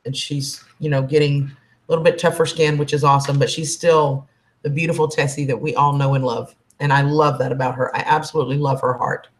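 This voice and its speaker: A woman's voice: deep voice, level tone, brisk. A woman, chatting casually and affectionately with her livestream viewers and calling them honey. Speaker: livestream host.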